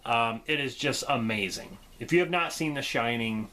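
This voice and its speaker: A man reviewing horror movies in a casual vlog, enthusiastic and quick to laugh. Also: mid-range voice, sharp tone. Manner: enthusiastic, laughs often, acts out quotes.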